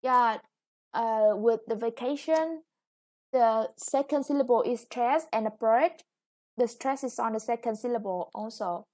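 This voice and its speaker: A woman's voice: fairly high pitch, unhurried, a little mellow. A woman English teacher with a Vietnamese accent, explaining a lesson patiently. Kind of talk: recorded classroom lesson.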